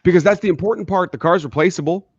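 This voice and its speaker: An earnest man co-hosts a casual motivational chat, mid-pitched and telling stories while voicing the people in them. The sound is dry and a little dull. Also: fast talker, husky, no echo. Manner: earnest, storytelling, acts out quoted people. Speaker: podcast co-host.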